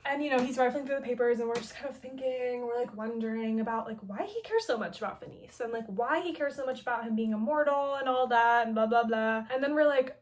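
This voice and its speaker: A woman's voice: fairly high pitch, quick pace, few pauses. A woman hosting a casual story recap, chatty and playful, with lots of filler words and side comments. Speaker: host.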